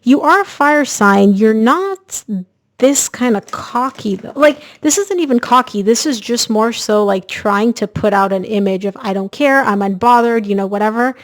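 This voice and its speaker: Chatty tarot lady, kinda high voice, talking right to her viewers. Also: normal speed. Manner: chatty, energetic, addresses viewers directly. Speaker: tarot reader. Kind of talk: casual tarot reading to camera.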